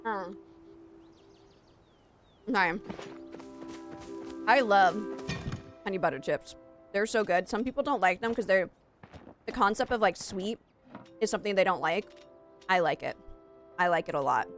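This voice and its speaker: A woman live-streaming a cozy game, talking excitedly to her chat and game animals over a headset. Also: medium pitch. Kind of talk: casual live-stream chat while gaming.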